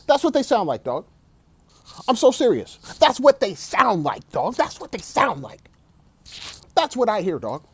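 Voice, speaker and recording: Animated man ranting about sports. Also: high voice, measured pace, pauses often, slightly rough. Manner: emphatic, repetitive, keeps saying "dog". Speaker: sports commentator. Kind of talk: opinionated sports rant.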